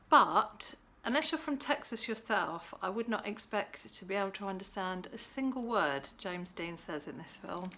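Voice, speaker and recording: A woman's voice: medium pitch, pushed and bright, a little hiss or hum. A woman hosting a casual cocktail-making vlog at home, chatty and playful. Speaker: host.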